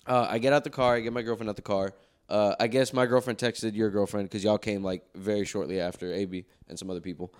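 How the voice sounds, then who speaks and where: A young man, a podcast co-host, telling a story in casual chat, profane and animated, acting out the quotes. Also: fairly low pitch, fast talker, clean tone.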